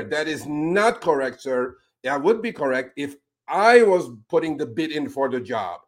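A man hosting a talk show, speaking in casual, animated commentary that turns indignant as he calls out politicians with a pointed "sir". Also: on the high side, normal speed. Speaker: podcast host.

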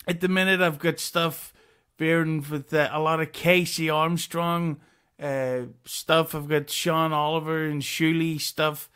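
A man appearing as a podcast guest, talking casually and hesitantly with many pauses. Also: fairly high pitch, fairly bright tone, clean tone. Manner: hesitant, lots of uhs. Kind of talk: casual chat.

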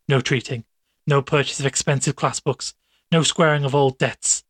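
A domineering doctor talks an accomplice round in a persuasive, coaxing tone, as a man reads him. His voice is mid-pitched and husky, recorded dry. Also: steady tone, moderate pace, a bit bright, no room sound. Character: smooth, domineering male doctor.

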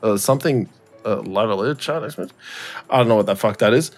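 A man's voice: fairly low pitch, moderate pace, faint music behind. Rambling, swearing man, casual chat. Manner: swearing, rambling, lots of fillers. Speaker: podcast co-host.

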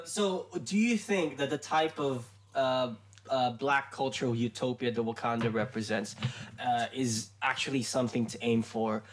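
A man hosting a casual podcast discussion, asking questions in a halting way with lots of fillers and restarts. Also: medium pitch. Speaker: podcast host.

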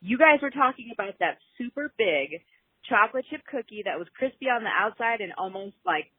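A woman's voice: mid-range voice, expressive, fairly quick, slightly rough, dry recording. A woman in her forties leaving a chatty, rambling voicemail for a podcast as a caller. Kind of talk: voicemail message. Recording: tinny phone line.

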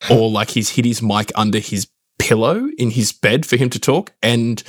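A man's voice: lowish voice, no room sound, studio quality. A man co-hosting a cricket podcast from his house, wry and teasing as he tells stories in a casual chat. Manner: wry, teasing, lively storytelling. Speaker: podcast co-host.

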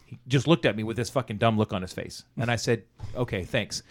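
With a mid-range voice at a fairly quick clip, a man chats casually about a former job, cursing freely. He performs the dialogue from the story, quoting each exchange with animation.

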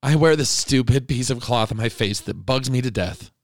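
A middle-aged man speaks straight into the mic in an impassioned podcast monologue, indignant and pleading by turns. His voice sits at an ordinary male pitch. The sound is dry, with no room around it. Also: moderate pace, no echo. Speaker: podcast host.

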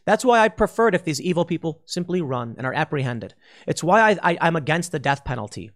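A man's voice: fairly high pitch, big pitch swings, quick pace. A man hosting a political commentary monologue, blunt and argumentative, often acting out mocking voices. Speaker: host.

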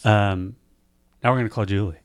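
A man's voice: lowish voice, steady tone, normal speed, dry recording, clean studio sound. A man hosting a podcast, chatting casually, telling stories and laughing often. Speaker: podcast host. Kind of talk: casual chat.

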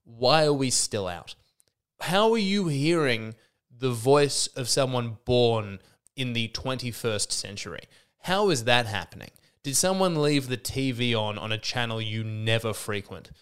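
A man's voice: mid-range voice, animated, a little slow, a bit bright, smooth. A man in his thirties hosting a podcast, ranting in an exasperated, sarcastic way with many restarts, and a little sick. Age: 30s. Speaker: podcast host. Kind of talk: comedic solo rant.

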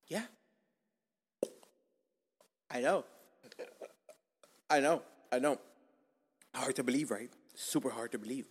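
A young man tells a long story on his podcast. He talks casually and swears a lot. He drops to a whisper or jumps up in pitch when he acts out his own lines. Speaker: podcast host.

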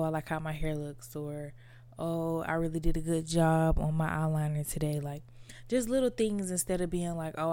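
A woman's voice: deep voice, darkish tone, smooth, dry recording. A woman podcast host talking casually and candidly about her inner life, with lots of "like" and "you know". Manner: reflective, candid, many fillers like "like" and "you know". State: tearful at times. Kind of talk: casual personal monologue.

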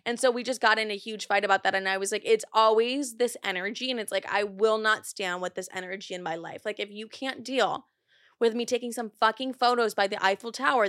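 A woman hosts a podcast in loose, chatty talk, packed with "like" and swear words. Her voice sits in a middle pitch, and her speech is recorded dry and close, with no room echo. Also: fairly bright tone. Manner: chatty, profane, heavy use of "like"; gets heated while telling a story. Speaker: podcast host. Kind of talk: casual chat.

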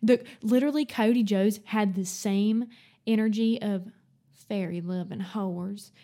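A young woman in her 20s, with a medium-pitched voice and dark tone, co-hosts a laid-back book-club podcast, chatting on at length and laughing frequently.

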